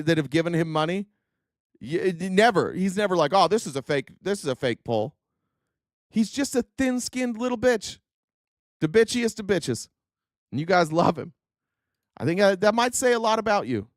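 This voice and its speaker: A man's voice: high voice, dry recording, studio quality. A man hosting a political commentary stream, ranting in a mocking, profane, heated way.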